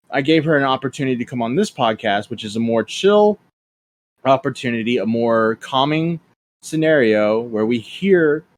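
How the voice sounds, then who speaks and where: A man hosting a casual podcast, talking quickly and offhandedly with fillers and crude humor. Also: medium pitch. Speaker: podcast host. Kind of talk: casual podcast chat, reading messages aloud.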